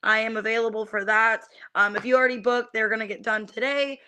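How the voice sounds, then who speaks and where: Bright chatty young woman reading tarot. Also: on the high side, level tone, a little fast, clear, resonant tone. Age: young adult. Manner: chatty, many fillers, greets viewers by name. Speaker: tarot reader streaming live. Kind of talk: casual live-stream chat.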